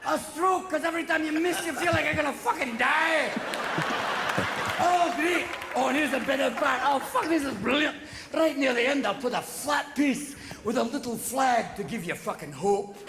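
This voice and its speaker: A man voicing a foul-mouthed male Scot inventing golf, in a put-on Scottish accent, yelling and cackling through a stand-up comedy bit. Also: very high voice, moderate pace, creaky. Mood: ranting. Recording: roomy live show with loud crowd and noise.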